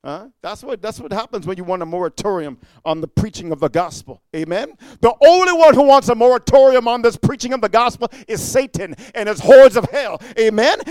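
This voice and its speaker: A man preaching a fiery sermon, repeating "amen" and swinging from low muttering to shouting. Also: clean tone, no room sound. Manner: repetitive call-and-response, frequent "amen".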